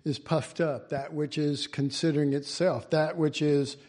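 A man's voice: a little high, little pitch movement, measured pace, darkish tone. A man giving an informal Bible teaching in a folksy way, chuckling often and restarting his phrases.

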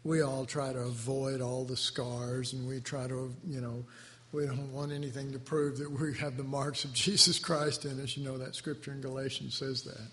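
A man giving devotional Bible teaching in a tender, halting, emotionally moved way. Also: medium pitch, flat delivery, a bit bright. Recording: echoey hall with faint background noise.

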